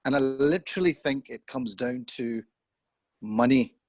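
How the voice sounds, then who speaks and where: A man's voice: medium pitch, a little slow, a little mellow, no echo. Earnest middle-aged man thinking aloud. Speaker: discussion guest. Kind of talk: conversational discussion. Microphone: video call.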